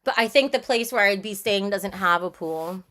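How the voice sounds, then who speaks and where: A woman's voice: mid-range voice, moderate pace, fairly bright tone. A woman livestreaming, chatting casually and bluntly, reading out and answering her chat. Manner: breezy, frank and irreverent.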